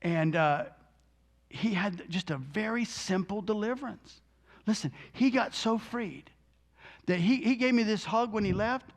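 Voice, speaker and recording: A man with a notably high voice tells a story of faith with lively, laughing energy. He preaches emphatically as a deliverance minister and drives points home through repetition. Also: unhurried. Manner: animated storyteller who laughs often; emphatic, repeats lines for force.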